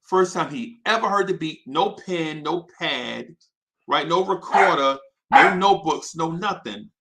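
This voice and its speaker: Against a noisy background, a man hosting a live show shares an anecdote with energy, frequently restarting and asking his audience "right?" His voice is fairly high and his pace measured.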